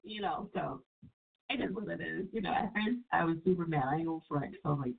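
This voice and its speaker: A woman hosting a call-in radio show while sick, talking in a loose, chatty, profane way and jumping into high-pitched voices when she quotes people. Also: expressive, fast, creaky, slightly rough. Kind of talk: casual call-in radio talk. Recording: distant, phone-like radio audio.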